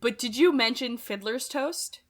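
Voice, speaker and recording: A woman co-hosting a podcast in casual chat, chatty, with quick apologetic asides. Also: a little high.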